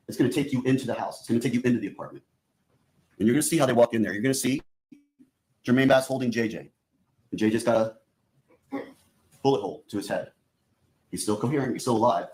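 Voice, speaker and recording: A prosecutor addresses a jury in a courtroom, a man of ordinary pitch laying out the evidence piece by piece. He keeps turning back to the jurors, telling them what they are going to see and hear, in a steady, methodical delivery. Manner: addresses the jury directly, repeating "you're gonna". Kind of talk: courtroom opening statement.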